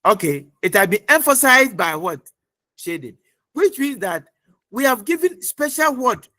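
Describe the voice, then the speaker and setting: A middle-aged man lecturing an online class, repeating points and quizzing students with many pauses. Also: extremely high pitch, very animated, sharp tone, dry recording. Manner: repetitive, quizzing, fills pauses with uh.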